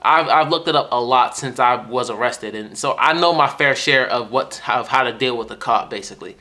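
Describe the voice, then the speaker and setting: A young man casually telling a story to his viewers, profane and animated, often repeating and restarting words. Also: mid-range voice, brisk. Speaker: vlogger.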